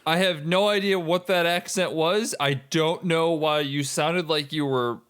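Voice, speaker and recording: High-voiced podcast host, joking. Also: male voice, unhurried, a bit bright, smooth. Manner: wry, joking banter. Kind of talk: casual chat.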